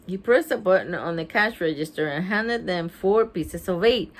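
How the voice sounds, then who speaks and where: A woman's voice: on the low side, animated, moderate pace, few pauses. A woman reading a children's storybook aloud, breaking off with laughing asides. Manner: laughing asides between passages. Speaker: storybook reader.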